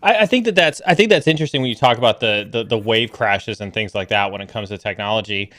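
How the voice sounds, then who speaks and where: A man's voice: fairly low pitch, quick pace, fairly bright tone. A man hosting a casual interview, asking questions with hesitant restarts. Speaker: host.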